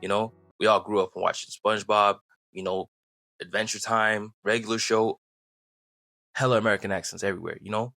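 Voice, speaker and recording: A man's voice: fairly low pitch, fairly even intonation, a little fast, vocal fry, sharp tone, no echo, faint music behind. A British man from the UK giving casual commentary to camera, talking things through with rhetorical questions. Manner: conversational, asks rhetorical questions. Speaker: commentary vlogger.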